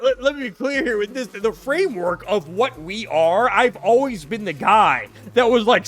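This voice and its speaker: A man's voice: sits high, sing-song, brisk, hardly any pauses, a bit bright, soft background music. Profane ranting male streamer. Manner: profane, ranting, laughs often. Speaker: livestreamer. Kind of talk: casual chat while streaming a game.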